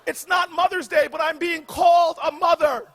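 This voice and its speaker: A man in his forties tells a comic story from a podium, his voice pushed very high as he shouts the big lines. He builds in a preacher's rhythm and calls out to the crowd for a witness. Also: level tone, moderate pace, slight background noise. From United States. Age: 40s. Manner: booming, shouted punchlines with preacher-like call and response. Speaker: commencement speaker. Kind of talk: humorous storytelling speech. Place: outdoor graduation ceremony stage.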